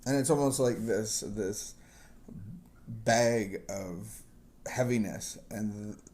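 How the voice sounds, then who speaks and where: A man's voice: on the low side, slow pace, a little mellow. A man hosting a recovery talk show, telling stories in a rambling, self-deprecating way with chuckles and restarts. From missionary kid raised partly in Southeast Asia. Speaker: recovery podcast host. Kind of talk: casual conversational storytelling.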